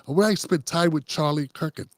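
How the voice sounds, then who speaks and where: A man imitating a male pundit speaking mournfully and haltingly about a lost friend. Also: fairly high pitch, no room sound, clean studio sound, pitched below the performer's own voice, natural voice.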